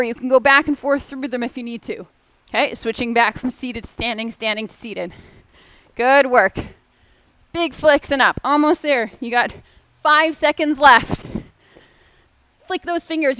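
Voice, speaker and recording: A woman's voice: high-pitched, pushed and bright, no echo. A woman instructor leading a seated and standing exercise class, giving upbeat, encouraging cues. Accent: Canadian.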